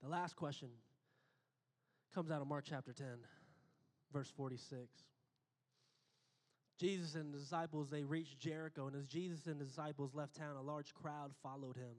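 A man preaching a sermon, emphatic, repeating phrases and building to excited peaks. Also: on the high side, normal speed, pauses often. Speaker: pastor. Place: church auditorium. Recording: long hall reverb.

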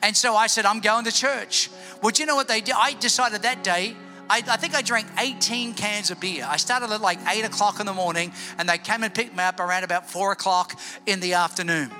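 A man preaching an Easter sermon to a church congregation, telling his own conversion story with animated storytelling and then dropping to a hushed voice to pray. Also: sits high, brisk, soft background music. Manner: animated storytelling, drops to hushed tones for prayer. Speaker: pastor. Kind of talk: Easter sermon with personal testimony. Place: church building before a congregation.

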